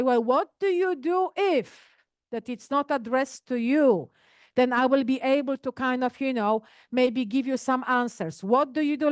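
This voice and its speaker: Casting note: high, clear-voiced woman therapist, speaks slowly to a class. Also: no echo, clean studio sound. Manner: slow, demonstrative, addresses class directly with questions. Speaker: physical therapist leading an exercise class. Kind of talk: live group health talk with demonstrations.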